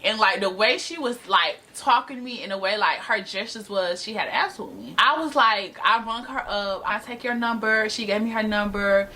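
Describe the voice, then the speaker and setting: A young woman telling a casual, animated storytime to camera, slangy and laughing often. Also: medium pitch, a little fast, few pauses, slight background noise. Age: young adult. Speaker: storytime vlogger. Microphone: camera mic.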